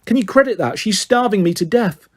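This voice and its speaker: Raised high and lively, this is a cheeky, impulsive young schoolgirl, as a male reader puts her on in a storybook reading. She pleads and dramatises, and the voice sits well above the reader's own. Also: brisk. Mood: pleading.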